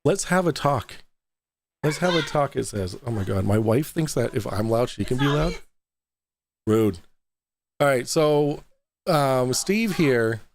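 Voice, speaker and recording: A young man hosts a casual livestream in a loose, chatty way. He reads viewer donations aloud and swears offhandedly. His voice sits at an ordinary middle pitch. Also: background noise. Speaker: livestream host.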